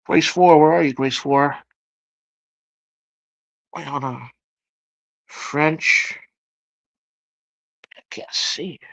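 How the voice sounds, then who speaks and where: A man hosting a livestream, chatting casually as he reads out viewer comments and reacts to them with loud exclamations. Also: a little high, very slow, creaky, pauses often, dry recording. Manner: exclamatory, reacting aloud to chat. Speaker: livestream host.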